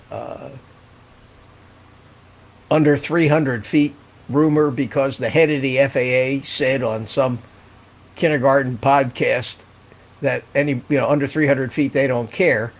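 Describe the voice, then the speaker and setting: An older man hosting a live stream, chatting casually and rambling, often laughing as he reads out viewer comments. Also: mid-range voice.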